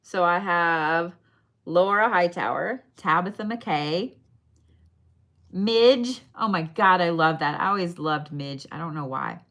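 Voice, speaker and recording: A woman's voice: lowish voice, slow, a bit bright. A woman giving bone readings on a live stream in a casual, chatty way, swearing now and then and talking straight to her viewers. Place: her shop.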